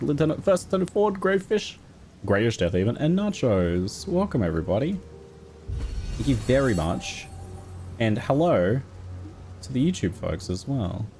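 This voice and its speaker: A man's voice: fairly low pitch, a little mellow. A man casually chatting on a live stream, laughing often and thanking viewers by name. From Australia. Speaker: game streamer.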